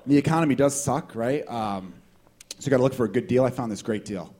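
A man doing a stand-up comedy set, riffing with profane, animated delivery in front of a small live crowd. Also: mid-range voice, fast.

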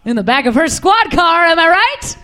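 A young woman doing a stand-up comedy set on a club stage, wry and deadpan with quick asides. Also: very high-pitched. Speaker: stand-up comic.

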